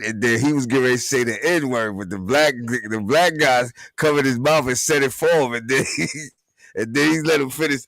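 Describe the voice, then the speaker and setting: A man hosts a live show alone in his basement and chats in a laid-back, slangy way, often laughing. His voice is mid-pitched, and the sound is dry and close. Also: a little fast, fairly bright tone, dry recording. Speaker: host. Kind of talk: casual live-stream chat.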